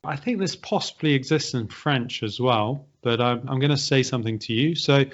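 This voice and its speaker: British man, podcast host, medium pitch, hedging explainer, quizzing style, muffled lo-fi sound. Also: normal speed, hardly any pauses. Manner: thoughtful, hedging, poses quiz questions. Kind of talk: casual explanatory chat. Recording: dull lo-fi audio.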